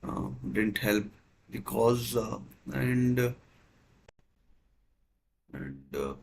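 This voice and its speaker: A man's voice: mid-range voice, expressive, very slow, vocal fry, a little mellow, a little hiss or hum, rough recording. A man hosting a live football watchalong, giving hesitant play-by-play with many fillers and restarts. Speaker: watchalong host. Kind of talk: live match commentary watchalong.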